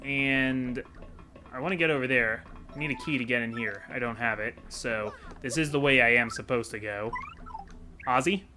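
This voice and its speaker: A man with a medium-pitched voice, speaking at normal speed, hosts a video game let's-play. He offers rambling, casual commentary while playing, chatty and self-deprecating.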